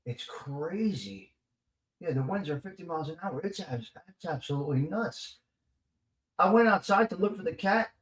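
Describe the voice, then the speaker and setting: Brief: high-voiced New Jersey man, animated livestream host, loud and teasing, close dry mic. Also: moderate pace, husky, dry recording. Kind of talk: casual chat.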